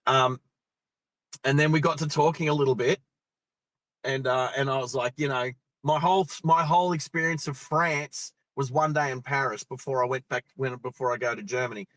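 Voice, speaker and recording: A man's voice: medium pitch, fairly even intonation, normal speed, a bit bright, dry recording. Chatty Australian man talking while driving. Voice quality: chatty, laughs easily, many fillers. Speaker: driving vlog host. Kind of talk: casual storytelling while driving. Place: in a car on the road.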